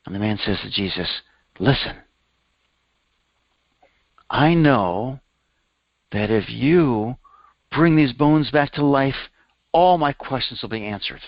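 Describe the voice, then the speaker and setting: Male spiritual teacher, animated storyteller, mid pitch, dry dull recording. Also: slow, long pauses, dry recording. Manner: animated storyteller, voicing characters with raised pitch. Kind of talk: storytelling sermon.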